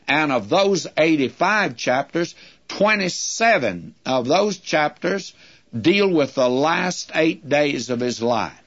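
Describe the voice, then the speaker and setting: A man preaching a sermon-style Bible lesson, measured and explanatory, calling his listeners friends. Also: fairly high pitch, fairly bright tone. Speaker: Bible teacher. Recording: dull lo-fi recording.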